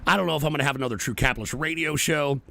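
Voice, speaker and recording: A man hosting a live political show, ranting with constant swearing, his voice hoarse and strained. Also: on the high side, racing, sharp tone. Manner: profane, angry ranting at chat. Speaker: political talk show host. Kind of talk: livestream political rant.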